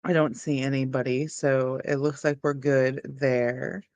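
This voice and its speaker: A young adult hosting a cannabis livestream talks to viewers casually and for a long stretch, in a laid-back, wandering style. The medium-pitched voice is a bit slow and slightly mellow, with little pitch movement, and it's recorded close on a dry mic free of room echo.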